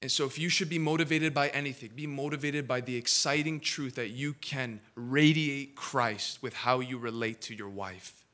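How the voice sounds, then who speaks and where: A male pastor preaching a sermon in a church, moving from hushed asides to loud, emphatic build-ups. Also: mid-range voice, steady tone, moderate pace, hardly any pauses. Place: church sanctuary.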